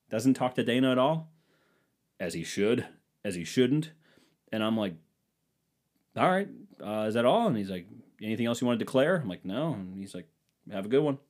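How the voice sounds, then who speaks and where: A man's voice: mid-range voice, darkish tone. A young man from the United States telling a rambling, profane, jokey story as a casual podcast host, acting out the exchanges.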